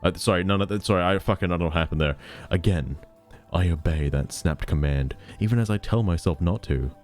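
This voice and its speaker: A man's voice: deep voice, a little fast, darkish tone, faint music behind. A man casually reading a novel aloud, breaking off for irreverent, profane asides. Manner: irreverent, swears, breaks off to joke.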